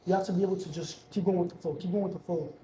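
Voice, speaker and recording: A man's voice: sits high, fairly even intonation, racing, warm tone, roomy sound, a little hiss or hum, poor audio. A young man, a guest entrepreneur, talking casually and earnestly about hustle and faith, repeating himself for emphasis. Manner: earnest, repetitive, slangy pep talk. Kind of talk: casual motivational talk.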